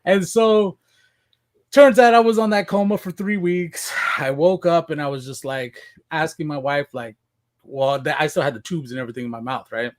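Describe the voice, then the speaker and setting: A man from Washington State telling his life story as a podcast guest, casual and animated, acting out what he said back then. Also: fairly high pitch, moderate pace. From Washington State, USA. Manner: animated, acts out his own past voice.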